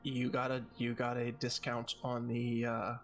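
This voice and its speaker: A man running a tabletop role-playing game, calmly describing scenes and asking for dice checks. His voice sits at a middle pitch and his delivery is matter-of-fact. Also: measured pace, faint music behind. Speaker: game master.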